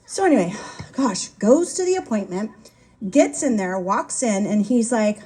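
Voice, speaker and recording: A woman's voice: a little high, sing-song, moderate pace, mellow, husky. A woman telling a funny story about her late husband at his memorial, chatty and laughing as she goes. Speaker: wife giving a eulogy. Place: memorial gathering.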